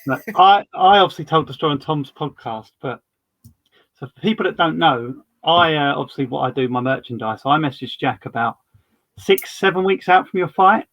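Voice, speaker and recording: A man's voice: on the high side, animated, moderate pace, fairly bright tone, rough recording. A man hosting a podcast, chatting casually and telling stories full of quoted dialogue. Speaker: podcast host.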